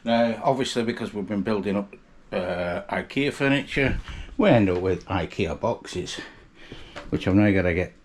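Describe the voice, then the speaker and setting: A man's voice: on the low side, normal speed, a little hiss or hum. A man vlogging in a chatty, joking, self-mocking way, recorded on his phone. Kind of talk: casual vlog chat.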